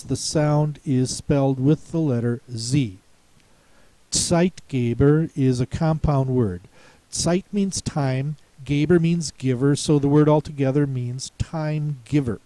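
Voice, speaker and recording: A man teaching a spelling lesson, speaking slowly and deliberately, pausing to repeat words and spell them out. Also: fairly high pitch, warm tone, dry recording. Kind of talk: slow explanatory lesson.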